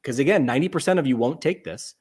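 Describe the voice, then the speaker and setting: Man, podcast guest, husky, very lively intonation, casual storytelling. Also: mid-range voice, fast talker. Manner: lively, tells stories with rhetorical questions.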